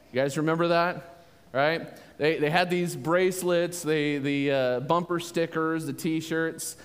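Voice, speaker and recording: A man preaching a sermon in a relaxed, talky, animated way, often restarting phrases. His voice sits high. The sound rings with a long hall reverb. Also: normal speed, smooth. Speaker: pastor.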